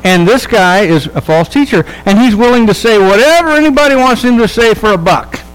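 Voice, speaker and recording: A man with a notably high voice delivers a sermon in an easygoing, humorous storytelling way. He keeps checking in with his listeners and briefly acts out the people in the story as he goes. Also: lively intonation, fairly quick, clear, resonant tone, poor audio. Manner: conversational, checks in with the audience. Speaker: pastor.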